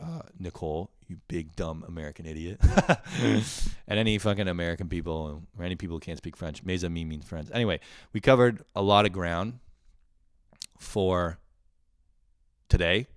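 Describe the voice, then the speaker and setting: A man hosting a casual comedic solo rant, excitable and profane, laughing often and buzzing on coffee. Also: sits low, normal speed, no room sound, studio quality. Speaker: host.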